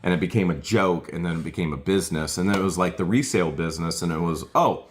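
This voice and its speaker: A man's voice: low voice, fast, a little hiss or hum. A man chatting casually and recounting a court hearing, quoting other people as he goes. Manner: animated, quotes others in put-on voices. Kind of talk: casual chat.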